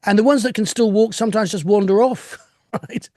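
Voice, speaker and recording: An older man joins an interview as a guest by video call from home, reflecting in casual chat with laughs and restarts. His high voice is fairly quick and darkish in tone, with no echo and studio-quality sound.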